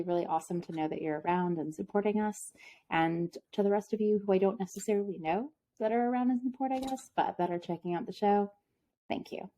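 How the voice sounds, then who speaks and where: A woman's voice: medium pitch, dark tone. A woman co-hosting a podcast in a playful, teasing casual chat, laughing easily. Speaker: podcast co-host. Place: home.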